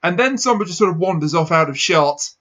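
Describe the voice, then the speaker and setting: A high-pitched man recaps an old episode in a casual podcast chat. His voice is bright and keen, and he trips over his words and breaks into laughter as he goes. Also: expressive, a little fast. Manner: stumbling, laughing while recapping. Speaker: podcast co-host.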